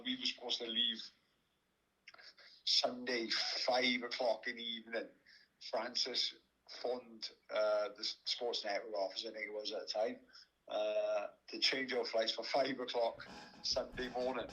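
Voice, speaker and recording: Welsh guy spinning a funny yarn, bright husky voice, keeps cracking up. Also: mid-range voice, poor audio. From Wales. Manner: laughing, animated anecdote with many restarts. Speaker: podcast guest, former boxer. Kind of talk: casual storytelling.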